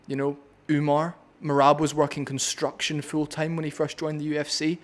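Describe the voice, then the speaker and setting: A man's voice: on the high side, monotone, moderate pace. Blunt Scottish man ranting about fights. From Scotland. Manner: blunt, opinionated and profane. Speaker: MMA commentator. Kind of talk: casual fight breakdown vlog.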